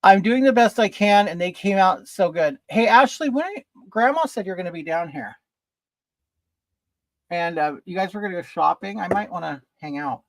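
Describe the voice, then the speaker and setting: Man, livestream host, chatty, greets viewers, high-pitched, dry close sound. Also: animated, moderate pace, gravelly, no room sound. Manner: chatty, reads viewer comments aloud and greets them. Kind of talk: casual livestream chat. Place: at home doing makeup.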